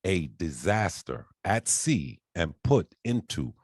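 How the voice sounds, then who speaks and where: A very low-voiced man reads treaty articles aloud on a group call, pausing and restarting over some words. The sound is close and dry. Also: sing-song, breathy edge, no room sound. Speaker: participant reading aloud. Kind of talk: reading a treaty aloud in discussion.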